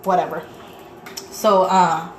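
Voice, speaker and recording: A woman in her thirties, a mother vlogging at home in a casual, animated chat, slipping in Spanish phrases now and then. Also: lowish voice, slow pace, roomy sound, heavy background noise.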